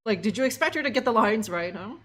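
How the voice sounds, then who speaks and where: A woman's voice: fairly high pitch, expressive, quick pace, fairly bright tone. A young woman streaming a game live, giving sarcastic, profane commentary full of laughs and fillers.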